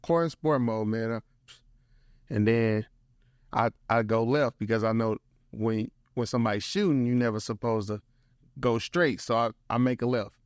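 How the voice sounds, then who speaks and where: A young man with a St. tells a story in a lively, slangy way, his voice sitting in the middle range. The sound is close and dry, with no room echo. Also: mid-range voice, moderate pace, smooth. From St. Louis, USA. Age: young adult. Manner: animated, slangy, peppers speech with "bro". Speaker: guest, motivational speaker. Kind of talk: casual storytelling.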